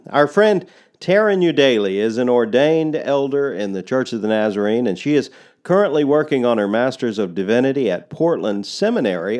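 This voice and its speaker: A man's voice: medium pitch, darkish tone. Man introducing a guest preacher.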